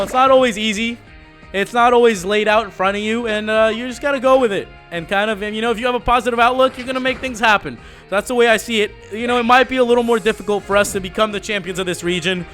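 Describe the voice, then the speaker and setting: A man talks through a video game in a casual, slangy, joking way, full of laid-back asides. His voice sits high and sounds bright. Faint game music runs behind him. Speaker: let's play host. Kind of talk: casual gaming commentary.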